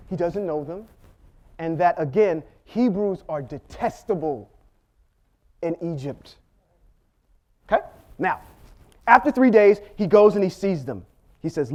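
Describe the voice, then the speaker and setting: A man teaching a Bible lesson, telling the story with animated delivery and acting out the characters' lines. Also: high-pitched. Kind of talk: sermon teaching.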